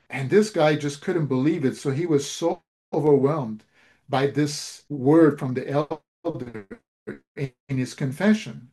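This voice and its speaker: Preacher, male, slightly high-pitched, storytelling sermon that acts out dialogue, halting restarts. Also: mellow.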